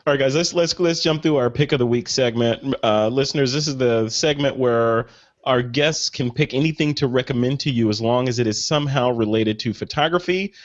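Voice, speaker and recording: A man's voice: mid-range voice, a little fast, no echo. An enthusiastic American man hosts a podcast, keeping things moving with upbeat affirmations. His mid-range voice comes through bone-dry and slightly muffled. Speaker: podcast host. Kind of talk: casual podcast hosting.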